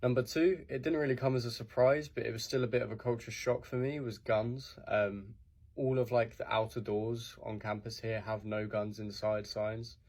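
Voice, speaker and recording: A young man, a student, counting down points to camera in a relaxed, matter-of-fact way. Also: mid-range voice, normal speed. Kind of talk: listicle vlog to camera.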